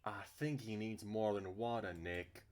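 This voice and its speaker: A young man reading a rough, wary young man's lines in a game, with a gruff manner. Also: lowish voice, fairly even intonation, unhurried, a little mellow, natural voice.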